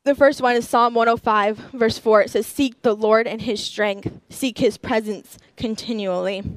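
A woman's voice: on the high side, fairly even intonation, normal speed, dry recording. A young woman giving an earnest sermon, sharing personal stories and reading scripture aloud. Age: young adult.

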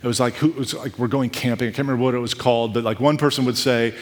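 A man in his thirties preaching a sermon, telling stories in a conversational, animated way with asides. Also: mid-range voice, rapid-fire. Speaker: pastor. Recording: echoey hall with long reverb.

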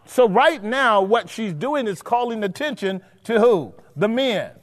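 Male Bible teacher with a high voice, forceful and repetitive, recorded with long hall reverb. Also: lively intonation, measured pace. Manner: emphatic, repeats points, checks in with listeners. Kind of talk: preaching Bible study.

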